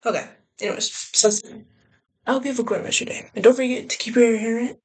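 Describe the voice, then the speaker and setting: A woman's voice: fairly high pitch, fairly even intonation, fast talker, slightly rough. A young woman vlogger rambling casually, often trailing off and restarting her thoughts. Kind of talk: casual chat.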